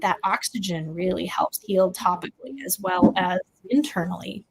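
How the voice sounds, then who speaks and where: A woman's voice: fairly low pitch, steady tone, normal speed, vocal fry, slightly rough, rough recording. A woman hosting a livestream, chatting loosely in a stream-of-consciousness way about health tips. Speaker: host. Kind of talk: casual health talk on a livestream.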